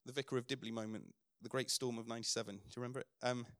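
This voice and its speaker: A man's voice: mid-range voice, steady tone, racing, a bit bright, no echo, clean studio sound. A middle-aged man preaching a sermon as pastor, earnest, building to emphatic declarations.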